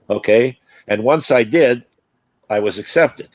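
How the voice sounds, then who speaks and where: An older former player and broadcaster telling stories in a rambling way, restarting sentences and acting out quotes. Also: male voice, medium pitch, measured pace, long pauses, no room sound. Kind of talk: casual storytelling chat.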